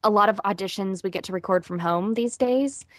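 A woman voice actress being interviewed, talking casually and quickly with frequent laughs. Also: medium pitch, no room sound, clean studio sound. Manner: chatty, quick, laughs often.

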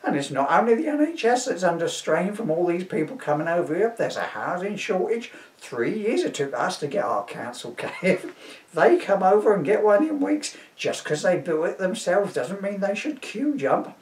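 Indignant gossipy housewife, lively grumbling delivery, read by a man. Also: high voice, moderate pace, voice pushed up. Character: complaining bigoted housewife, working class. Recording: roomy, from a distance.

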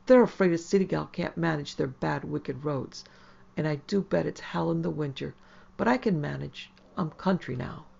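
A woman reading the lines of a proud, brisk city wife who has moved to the country, in a prim, commanding manner. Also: sits low, gravelly, mellow, husky, heavily acted. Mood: musing, proud. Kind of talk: audiobook character voice. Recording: slightly dull lo-fi audio.

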